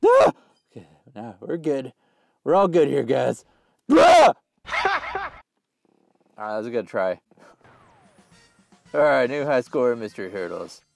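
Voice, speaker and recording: A young man calls out his gameplay with a gravelly, close-miked, dry voice. He drawls slowly through his jokes and slang. His pitch leaps wildly whenever he shouts. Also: no echo, soft background music. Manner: hyped, yells and screams when excited, slangy. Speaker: gaming YouTuber. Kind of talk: casual gameplay commentary.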